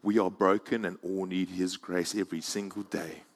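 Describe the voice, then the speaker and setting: A man preaching a sermon in a church, moving from quiet, intimate passages to loud, soaring climaxes. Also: sits low, fairly even intonation, moderate pace. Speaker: pastor.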